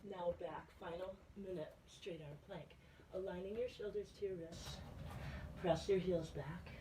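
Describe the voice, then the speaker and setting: A woman fitness instructor leading a guided plank workout, giving calm cues and reminding listeners to breathe. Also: lowish voice, measured pace, background noise. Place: fitness center room. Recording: echoey room from a distance.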